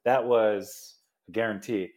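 A man's voice: lowish voice, steady tone, a little mellow. A man hosting a casual comedy podcast, laughing often and stumbling through his sentences. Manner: laughing, halting, self-interrupting. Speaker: podcast host.

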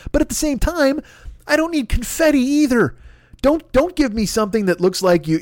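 A high-pitched man hosts a podcast, delivering a comedic rant in fed-up, profanity-heavy bursts. The podcast mic gives clean studio sound with no room sound at all.

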